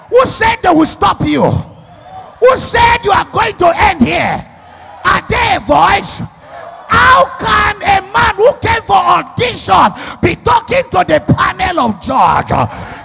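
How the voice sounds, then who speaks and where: A man preaching a sermon at a church service, shouting call-and-response lines and repeating phrases over and over. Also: very high-pitched, creaky.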